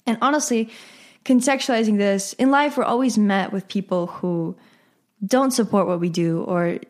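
A woman's voice: mid-range voice, moderate pace, a little mellow. A teenage girl hosting her own podcast, talking casually in a chatty, rambling way with asides and self-corrections. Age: teens. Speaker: podcast host. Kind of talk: casual solo podcast chat.

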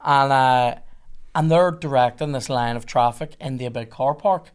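A young man guesting on a podcast spins a casual, curse-filled yarn, performing the other characters' lines with animation. His voice is medium-pitched and smooth, at a moderate pace.

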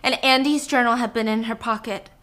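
A woman retelling a movie plot in a casual, animated way. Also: a little high, brisk. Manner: animated storytelling. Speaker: podcast host.

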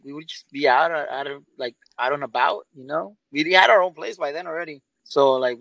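Bright-voiced slangy swearing man. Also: medium pitch, gravelly, no echo, low-quality recording. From Southern California. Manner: slangy, swears constantly, says "fool" often. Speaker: podcast co-host. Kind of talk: crude casual storytelling.

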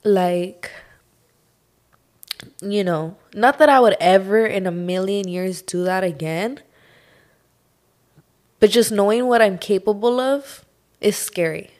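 A young woman hosting her own podcast, talking through a personal struggle in a slow, heartfelt monologue full of sighs and "like". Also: mid-range voice, a little mellow. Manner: slow, sighing, heartfelt, says "like" often. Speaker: podcast host.

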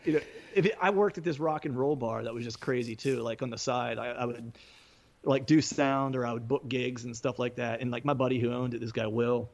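A musician with a medium-pitched, steady voice speaks fairly quickly as he tells a loose, rambling story in casual conversation. His talk is peppered with fillers, and he laughs often.

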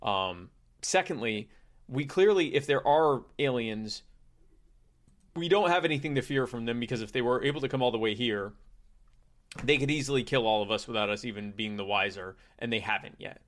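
A man's voice: mid-range voice, moderate pace. Joking, rambling man chatting. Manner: joking, rambling, animated asides. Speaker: podcast co-host. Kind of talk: casual comedic chat.

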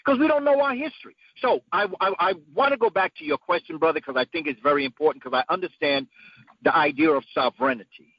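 A man giving an emphatic, preacherly talk whose voice climbs to high peaks. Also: quick pace, no echo. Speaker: guest speaker. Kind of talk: impassioned lecture-style talk. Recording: dull lo-fi dry sound.

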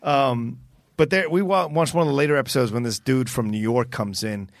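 A man's voice: mid-range voice, brisk, gravelly, dry recording, clean studio sound. A man co-hosting a casual, profane movie chat. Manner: profane, animated, mimics voices. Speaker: podcast co-host.

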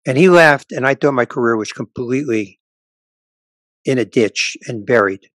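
A man's voice: mid-range voice, moderate pace, pauses often, dry recording. A man in his sixties, a stand-up comedian, telling stories in a casual podcast chat and acting out the dialogue. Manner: animated storyteller acting out dialogue.

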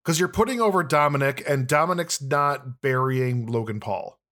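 A man's voice: mid-range voice, moderate pace, a bit bright. A man co-hosting a wrestling podcast in casual chat, easygoing and agreeable, often restarting his sentences.

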